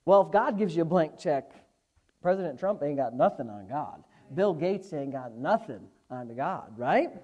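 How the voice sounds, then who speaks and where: A male pastor, preaching a Bible lesson, slowing down and swelling in volume when he quotes scripture. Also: fairly high pitch, animated, dark tone, muffled recording. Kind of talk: sermon.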